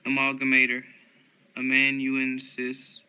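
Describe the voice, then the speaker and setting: A man reading a long list of dictionary words aloud one by one, steady and unhurried, with small slips and corrections. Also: medium pitch, clear, resonant tone, rough recording.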